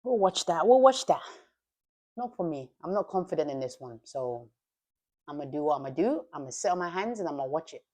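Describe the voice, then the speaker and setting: A woman's voice: sits low, lively intonation, fast, mellow. A woman streaming her futures trading live, thinking aloud in slangy, self-talking commentary. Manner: thinks aloud, talks to herself, slangy quips.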